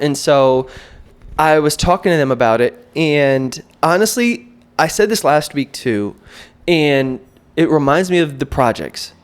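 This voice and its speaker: Animated, self-mocking man in his thirties. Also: on the high side, moderate pace. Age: 30s. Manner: animated, self-mocking, quotes himself in acted voices. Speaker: vlogger. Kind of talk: casual storytelling vlog.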